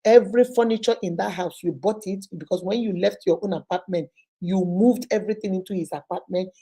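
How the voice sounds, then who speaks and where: A Nigerian woman who counsels on relationships and hosts a show tells a story as advice, probing by repeating someone's words back in long lists. Her mid-range voice is mellow with a breathy edge, and she speaks fairly quickly.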